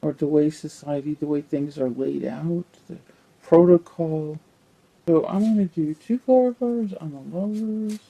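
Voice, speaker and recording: A man giving a casual tarot reading, thinking aloud in a halting, rambling way with many repeated words. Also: a little high, gravelly, mellow, rough recording. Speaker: tarot reader.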